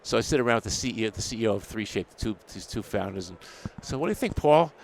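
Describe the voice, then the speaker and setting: A man's voice: on the low side, fast, a little hiss or hum. An older man from New York City, a dental technology editor, telling stories in a casual interview and acting out the people he quotes. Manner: animated storyteller acting out quoted exchanges, laughs often. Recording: faint ambience at a trade show.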